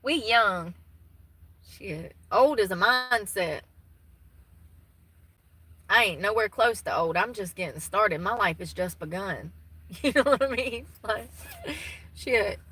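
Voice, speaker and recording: Bright-voiced Southern woman vlogger. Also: mid-range voice, animated, takes it slowly, pauses often, husky, low-quality recording. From Southern United States. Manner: chatty, folksy and laughing easily. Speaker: vlogger chatting with viewers. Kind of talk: casual chat with live viewers.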